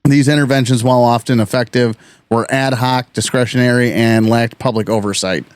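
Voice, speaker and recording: A man's voice: medium pitch, steady tone, brisk, clean tone, no echo. A young man co-hosting a history podcast, chatting casually, swearing freely and reading from notes in stretches. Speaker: podcast co-host.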